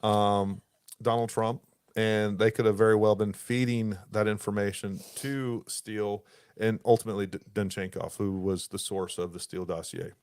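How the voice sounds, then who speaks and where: A man's voice: lowish voice, flat delivery, moderate pace, a little mellow, clean tone, dry recording, studio quality. A man hosting a podcast, reading passages from a report aloud and stopping to explain them in plain words. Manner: reads in long stretches, breaks off to explain in plain words. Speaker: podcast host.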